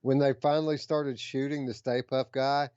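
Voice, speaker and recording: A man's voice: medium pitch, flat delivery, normal speed, a little mellow, smooth, dry recording, muffled recording. A man co-hosting a podcast, chatting eagerly about gaming news and reading out details with plenty of fillers. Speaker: podcast co-host.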